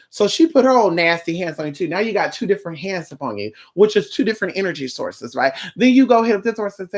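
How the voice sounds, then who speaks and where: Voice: medium pitch, sing-song, fast, hardly any pauses. A spiritual worker talking straight to camera in a casual vlog, blunt and profane, now and then acting out the clients in little voices.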